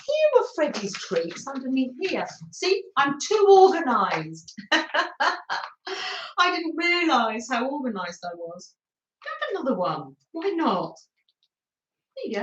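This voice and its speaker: A high-pitched, fairly bright-toned woman hosts a craft livestream from her home craft room, rambling, mocking herself with frequent laughter and cooing sweetly at her dog. The streaming camera sitting on the table gives a roomy, somewhat dull home-stream quality, plus a little hiss or hum.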